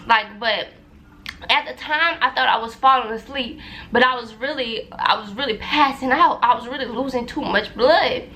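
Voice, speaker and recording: Addressing viewers as "y'all," this young vlogger shares a personal story in a talkative, loose way, repeating phrases as she goes. She speaks at a moderate pace in a slightly high, sharp voice.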